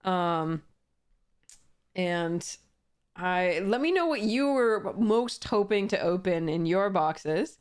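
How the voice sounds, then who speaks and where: A woman's voice: fairly low pitch, expressive, slow pace, clear, resonant tone. A young woman chatting casually as she opens card packs, reading card text aloud with frequent fillers and small laughs. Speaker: card game YouTuber. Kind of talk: casual pack-opening commentary.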